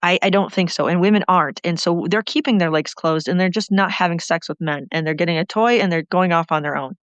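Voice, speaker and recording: Speaking fast in a voice on the low side, a woman runs on passionately about politics in rambling fashion. The lo-fi recording is dull and lacks any room sound.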